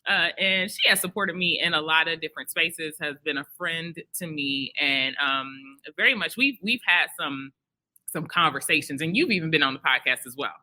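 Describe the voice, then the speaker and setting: A woman from Detroit hosts a live podcast at an expo, talking in a bright, ringing voice. She is chatty and animated, laughing often and slipping into bits of song. Her talk is loose and friendly. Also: deep voice, moderate pace, poor audio. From Detroit, Michigan. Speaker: podcast host. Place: expo venue.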